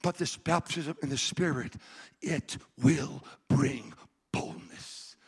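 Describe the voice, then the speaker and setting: A man preaching a sermon, moving between loud, impassioned retellings and quiet, conversational asides to the congregation. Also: a little high, slow, husky.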